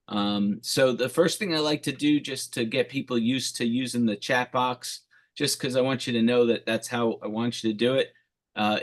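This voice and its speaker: A middle-aged man, a referee coach, presenting on a video call in an upbeat, encouraging way and reading chat replies aloud. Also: medium pitch.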